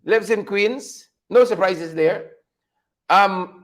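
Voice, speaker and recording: A man's voice: high voice, animated, unhurried. A man hosting an unscripted political commentary show, mocking his subjects, laughing often and repeating phrases for effect. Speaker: show host.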